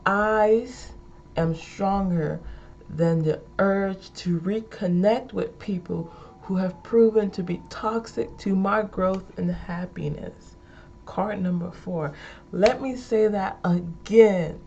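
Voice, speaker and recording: Playful giggly woman reading affirmations, husky fry in her voice, kinda muffled lo-fi sound. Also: medium pitch, slow pace, warm tone, slight background noise. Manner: playful, giggly, repeats lines with emphasis. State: high energy. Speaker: vlogger reading affirmation cards. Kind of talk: casual spoken affirmations.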